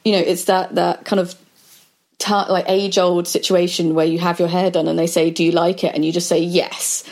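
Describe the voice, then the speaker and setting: A woman in a relaxed podcast conversation, telling stories in a chatty way and acting out what people said. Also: fairly low pitch, fairly quick. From Britain. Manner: chatty storyteller acting out quoted dialogue.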